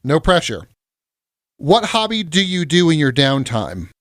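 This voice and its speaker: A man hosting an interview show, asking quick-fire questions in a playful, teasing way. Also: a little high, sing-song, fairly bright tone, no room sound, studio quality. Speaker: interview host.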